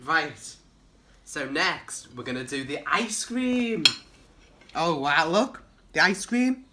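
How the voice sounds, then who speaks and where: A man with a gentle, patient and coaxing manner, chatting casually and asking lots of encouraging questions while making a treat in a home kitchen. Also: on the high side, animated, slow, very noisy. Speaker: co-host of a home cooking video.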